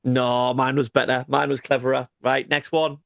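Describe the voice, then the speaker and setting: Guy, 30s, podcast co-host; wisecracking, average pitch, dry close mic. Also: flat delivery, moderate pace, creaky, no echo. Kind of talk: casual banter.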